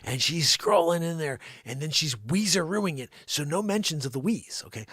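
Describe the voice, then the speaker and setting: A man hosting an improvised live comedy show, teasing and rambling, swinging from loud shouts to hushed whispered asides. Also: fairly high pitch, expressive, a little fast, breathy edge, no echo, clean studio sound.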